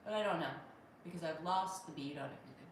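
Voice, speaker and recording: A woman's voice: sits low, quick pace. Woman comedian chatting on a livestream, rambly, kinda far from the mic, big echo in the room. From Pittsburgh. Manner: chatty and rambling, with many restarts. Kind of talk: casual live chat, reading viewer comments aloud. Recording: very echoey room, voice off-mic, faint hum.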